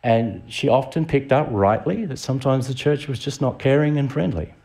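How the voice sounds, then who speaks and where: A man's voice: mid-range voice, normal speed, darkish tone. Australian man preaching conversationally. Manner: conversational, asks the audience rhetorical questions. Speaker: visiting preacher. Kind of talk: sermon.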